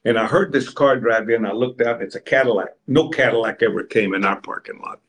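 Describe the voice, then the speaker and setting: An older Texan man, appearing as an interview guest, tells long anecdotal stories as a rambling raconteur, acting out other people's lines. His voice is medium in pitch, fairly quick, and fairly bright in tone.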